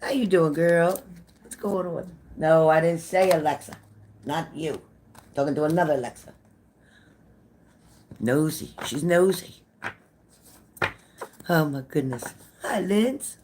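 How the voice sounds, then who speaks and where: A woman's voice: low voice, slow pace, pauses often, a little mellow, a little hiss or hum. Chatty older woman hosting a live stream. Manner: chatty, greets viewers by name, repeats phrases. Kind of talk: casual live-stream chat with viewers.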